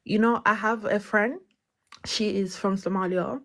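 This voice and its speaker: A woman's voice: mid-range voice, fairly even intonation, measured pace. Indignant woman caller. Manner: emotional, indignant, forceful. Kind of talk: impassioned call-in statement.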